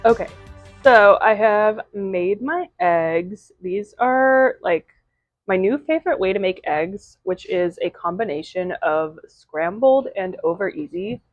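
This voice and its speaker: A woman talks straight to the camera from her home in a loose, rambling vlog style, dotting her sentences with "um" and "like". Her voice sits at a middle pitch for a woman. The recording is dry and close, with no room echo. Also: expressive, takes it slowly, muffled recording, faint music behind. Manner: chatty, rambling, lots of fillers like "um" and "like". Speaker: vlogger and aspiring novelist. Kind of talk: casual vlog chat to camera. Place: at home, indoors.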